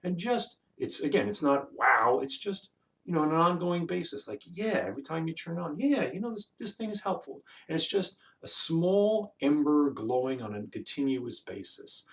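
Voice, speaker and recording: A man's voice: on the high side, lively intonation, moderate pace, far from the mic. Rambling man talking a bit off-mic. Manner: loose, rambling, lots of fillers and restarts. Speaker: motivational video host. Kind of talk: casual talking-head monologue.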